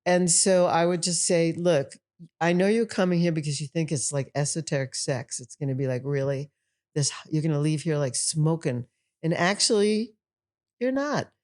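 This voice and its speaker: Older lady tantra teacher chatting on a podcast, kinda low voice, acts out everyone she quotes. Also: normal speed, a little mellow. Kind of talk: casual podcast conversation.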